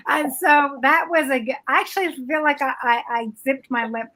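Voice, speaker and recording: A middle-aged woman speaks as a guest in a relaxed live-stream chat. Her voice is high and bright, and she talks haltingly, often stopping to restart her sentences.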